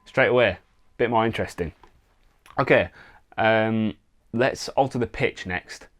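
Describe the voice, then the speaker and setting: A man with a fairly low voice walks through a songwriting lesson, relaxed and unhurried, filling pauses with small ums. A guitar is played faintly behind him as he demonstrates ideas. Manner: relaxed, thinks aloud with fillers, sings wordless vocal lines. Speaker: songwriting teacher. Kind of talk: casual instructional talk with guitar demos. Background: acoustic guitar playing.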